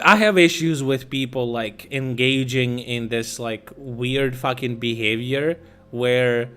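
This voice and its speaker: A man's voice: medium pitch, fairly bright tone. A young man streaming, telling a story in casual chat with a profane, exasperated, ranting manner.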